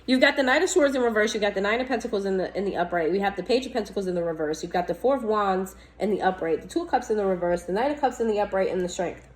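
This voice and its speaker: A woman's voice: mid-range voice, expressive, very fast, hardly any pauses, rough recording. A woman reading tarot to camera in a casual, blunt and chatty way. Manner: blunt, scolding, chatty, laughs often. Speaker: tarot reader.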